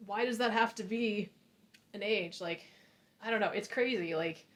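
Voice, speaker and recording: A woman co-hosting a casual book club chat, giggly and animated, quick to laugh. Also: mid-range voice. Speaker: podcast co-host.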